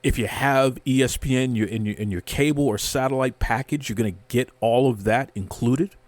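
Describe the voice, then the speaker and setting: A man's voice: mid-range voice, moderate pace, a little mellow, no room sound. A man hosting a wrestling show, ranting with mock outrage and heavy sarcasm, often repeating words as he builds up. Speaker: wrestling commentary host. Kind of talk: sarcastic rant to camera.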